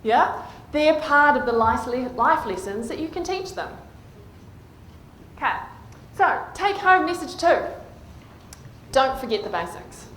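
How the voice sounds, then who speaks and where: A woman with a fairly high voice gives a conference presentation, often pausing to check the audience is following. The sound is echoey, as in a large hall, with a faint hiss of background noise. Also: animated, fairly bright tone. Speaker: clinician speaking at a conference.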